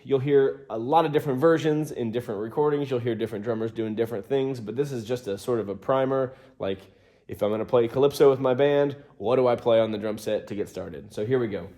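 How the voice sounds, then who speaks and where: A man's voice: mid-range voice, fast talker, hardly any pauses. A man giving a casual drum lesson, counting beats aloud as he explains. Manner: relaxed, counts beats aloud while playing. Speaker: drum teacher. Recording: roomy studio with loud drums.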